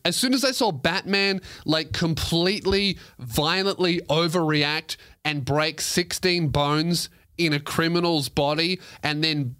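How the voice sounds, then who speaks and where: A young man runs a podcast by himself, talking casually into a close mic with a lot of rambling tangents and plenty of swearing. His voice is fairly high with a sharp edge, and the recording is dry.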